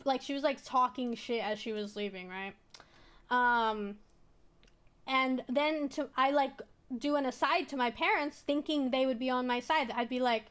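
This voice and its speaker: A young woman streamer with a high voice tells a personal story in a loose, chatty way. She rambles, restarts her sentences and fills them with little fillers. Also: steady tone, normal speed, clean tone. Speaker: VTuber streamer.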